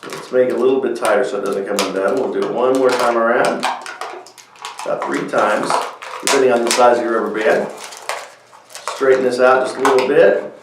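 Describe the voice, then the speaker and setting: A man's voice: mid-range voice, steady tone, fairly quick, long pauses, background noise. Male kids' show host, friendly step-by-step craft demo, recorded far off mic in a very echoey room. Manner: friendly step-by-step explaining with fillers. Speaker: children's music show host. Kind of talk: craft demonstration for kids.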